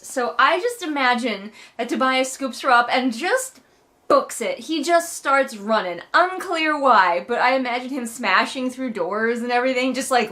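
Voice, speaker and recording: A woman's voice: fairly high pitch, fairly bright tone. A woman hosting a casual book read-along, recapping chapters in a sarcastic, wry way and swearing casually.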